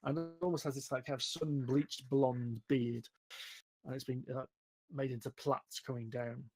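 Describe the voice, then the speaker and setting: A man's voice: medium pitch, fairly even intonation, normal speed, warm tone. A man narrating as game master of a tabletop game over an online call, describing scenes in a casual way.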